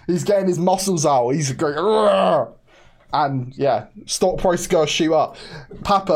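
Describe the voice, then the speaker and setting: Excitable young man streaming. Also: a little high. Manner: excitable, chatty, laughs often. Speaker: livestream host. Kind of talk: casual livestream chat.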